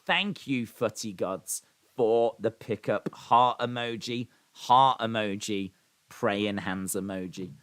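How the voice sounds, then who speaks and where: A man's voice: on the low side, slow pace, a bit bright. A man hosting a live watch-along, reading viewers' comments aloud and answering them in a chatty way, repeating phrases and using fillers. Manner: reads viewer comments aloud and responds conversationally. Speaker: live stream host.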